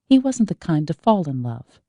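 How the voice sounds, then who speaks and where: Audiobook narrator: woman, low dark voice, measured and slow, dry booth sound. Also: no echo. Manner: even, measured storytelling.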